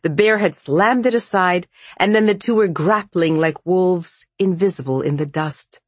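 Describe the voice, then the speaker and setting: An audiobook narrator reading a dark fantasy novel in measured, even storytelling. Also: mid-range voice, breathy edge, no room sound. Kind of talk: scripted narration.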